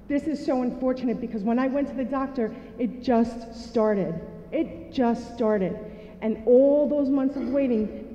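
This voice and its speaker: A woman giving a personal testimony to an audience. She tells it as an animated storyteller and acts out the dialogue. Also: fairly high pitch, a little hiss or hum. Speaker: speaker sharing a personal story. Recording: echoey hall, dull sound.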